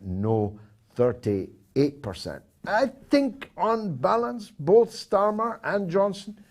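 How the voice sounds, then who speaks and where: A man hosting a talk show, reading out poll results and donations with dry, measured asides. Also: on the high side, darkish tone.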